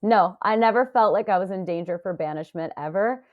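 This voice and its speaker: A woman's voice: medium pitch, fairly quick. Woman in her 40s guesting on a podcast, chatty storyteller, a bit muffled audio. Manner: animated storytelling, acts out quoted voices. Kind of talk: casual interview talk.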